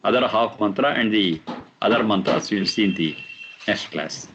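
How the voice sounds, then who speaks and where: A man teaching a class on scripture, explaining verses slowly and repeating the recited lines. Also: lowish voice, a bit bright, lo-fi sound, a little hiss or hum. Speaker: teacher of Vedic texts.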